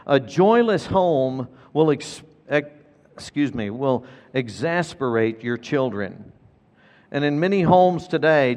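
Earnest pastor preaching in an echoing hall. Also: male voice, on the high side. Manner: earnest, emphatic, repeats key points. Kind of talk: sermon. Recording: long reverb of a large hall.

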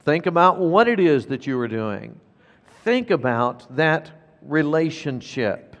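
A man's voice: a little high, very animated, takes it slowly, fairly bright tone, in a large hall, lo-fi sound. A man preaching a sermon as pastor, emphatic and repeating key phrases for weight.

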